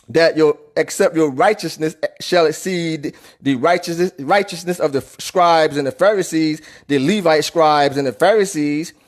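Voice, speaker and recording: A man delivers a Bible lesson in an emphatic preaching voice. He rereads verses slowly and repeats himself for emphasis, his voice sitting a little high for a man. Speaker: Bible teacher. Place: New York City.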